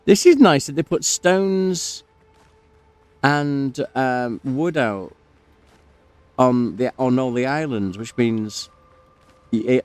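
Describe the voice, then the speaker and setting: A man's voice: mid-range voice, darkish tone, clear, resonant tone. Rambling man chatting over gameplay. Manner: rambling, many fillers, breaks off to comment on the game. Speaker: gamer telling a story while playing. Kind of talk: casual storytelling over gameplay.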